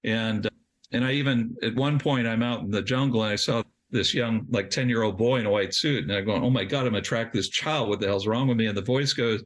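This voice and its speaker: Speaking a little fast in a voice on the low side, a middle-aged podcast guest tells a lengthy personal story during an interview. He rambles, restarts sentences, and laughs at himself along the way.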